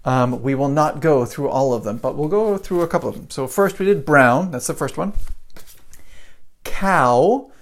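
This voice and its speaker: A man's voice: fairly high pitch, animated, moderate pace. An American man teaching English pronunciation in a live stream, chatty and repetitive, stopping to greet viewers as he goes. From United States. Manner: chatty, repeats himself, greets viewers mid-lesson.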